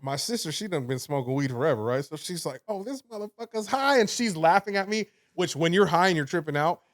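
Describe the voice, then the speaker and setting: A young man with a high voice tells a story on a casual podcast. He is animated and laughs through his lines. He swears freely and keeps checking in with "right?". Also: fast. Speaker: podcast co-host.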